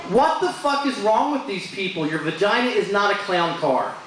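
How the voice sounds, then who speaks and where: High-voiced man doing crude stand-up. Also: normal speed. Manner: crude deadpan punchlines. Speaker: stand-up comedian. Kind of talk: stand-up comedy set. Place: bar stage with live audience. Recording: echoey bar room from far off.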